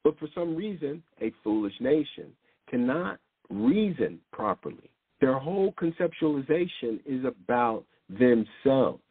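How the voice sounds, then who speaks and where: A man's voice: mid-range voice, animated, normal speed, slightly rough, no echo. A man preaching an impassioned sermon, speaking emphatically and firing off rhetorical questions. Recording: dry, tinny phone-like sound.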